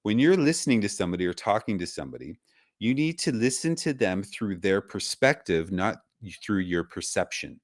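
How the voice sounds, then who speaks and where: A man's voice: fairly low pitch, very animated, a little fast, no room sound, clean studio sound. A man hosting a podcast, talking in casual chat in an earnest, preachy, motivational way. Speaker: podcast host.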